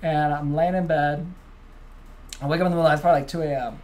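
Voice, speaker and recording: A man's voice: fairly high pitch, steady tone, very fast, darkish tone. A young man co-hosting a podcast in casual chat, laid-back and swearing a lot, calling his friend bro and dude. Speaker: podcast co-host.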